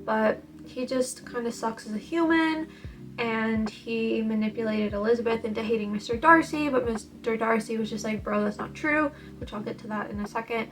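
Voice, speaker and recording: A young woman with a slightly high voice chats through a book review in a casual vlog, animated and emphatic and full of slang. She sounds a little tired. Soft music plays faintly underneath. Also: moderate pace. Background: faint background music.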